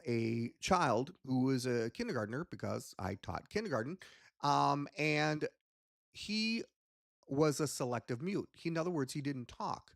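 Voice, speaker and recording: A man hosting a casual teaching talk as a hypnotist, rambling and animated with many pauses and restarts. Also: medium pitch, creaky, no echo, studio quality. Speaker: hypnotist and ventriloquist host.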